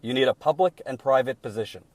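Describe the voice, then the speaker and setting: A man giving indignant political commentary while reading out leaked emails, emphatic and deliberate, with many repeated restarts. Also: mid-range voice, a little mellow, no room sound. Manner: deliberate and slowed when troubled.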